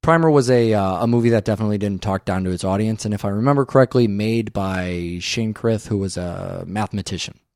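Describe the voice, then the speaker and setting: Low-voiced man, profane film podcaster. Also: fairly quick, hardly any pauses, darkish tone, no echo, clean studio sound. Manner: profane, emphatic and opinionated. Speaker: podcast host. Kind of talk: casual film discussion.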